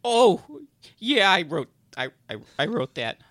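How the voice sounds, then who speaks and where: A man's voice: high voice, big pitch swings, measured pace, fairly bright tone, no echo, voice pushed down, heavily acted. A man playing a teasing sidekick at a hell podcast studio, dry and giggly. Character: deadpan prankster demon button-pusher, mischievous. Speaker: comedy podcast co-host. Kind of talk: improvised comedy sketch.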